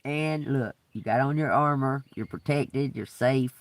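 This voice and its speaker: A man's voice: medium pitch, unhurried, dry recording, distant mic. A man doing a live-stream tarot reading, talking casually, swearing freely and laughing often. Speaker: tarot reader.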